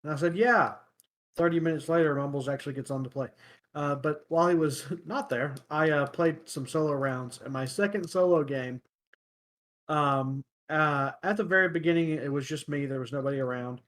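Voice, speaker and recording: A man hosting a casual podcast, telling stories in a relaxed way with lots of ums. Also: fairly high pitch, brisk. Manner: relaxed storyteller, many ums and uhs. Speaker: podcast host. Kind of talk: casual chat, storytelling.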